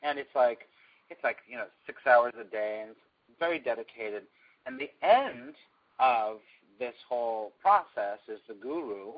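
Guy telling a story to a few people, mid pitch, laughs a lot, kinda muffled recording. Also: husky. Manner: animated, laughs often while telling. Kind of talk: casual storytelling to a small group.

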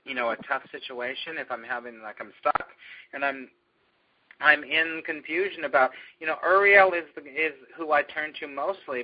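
A man leading a meditation group, rambling gently with many fillers and restarts. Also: a little high, moderate pace, a little hiss or hum. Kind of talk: spiritual group discussion. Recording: dull lo-fi recording.

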